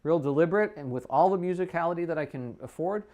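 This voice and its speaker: A music teacher with a fairly high voice talks fast as he demonstrates a practice method, explaining how to work on a piece and singing its phrases on syllables in between. The stream audio is dull and lo-fi.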